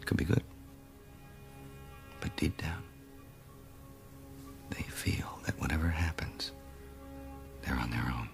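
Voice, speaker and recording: An actor playing a solemn man who muses on miracles and fate in a low, hushed half-whisper, taken from a film soundtrack. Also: slow, vocal fry, pauses often, heavily acted. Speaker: film character. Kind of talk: dramatic film monologue. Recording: film soundtrack with music underneath.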